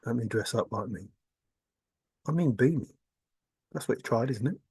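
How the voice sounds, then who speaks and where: A video blogger giving a rambling spiritual monologue, talking in an intense, repetitive way and swearing. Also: male voice, mid-range voice, expressive, moderate pace, a little mellow, breathy edge, no echo.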